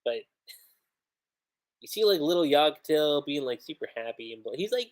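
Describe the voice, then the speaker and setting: A man casually reviewing a comic chapter on a livestream, animated and chatty, with many fillers. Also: a little high, normal speed.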